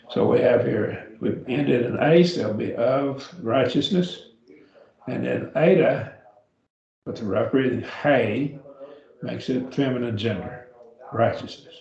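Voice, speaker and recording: A man with a gravelly voice leads a classroom grammar lesson, patiently breaking words into syllables. The sound is echoey and a little dull, like a lo-fi recording of a church classroom. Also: mid-range voice, darkish tone. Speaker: Greek teacher.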